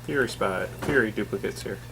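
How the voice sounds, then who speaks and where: A man's voice: lowish voice, fairly quick, creaky, crowd noise, poor audio. A man reviewing comic books in casual podcast chat, blunt and sarcastic.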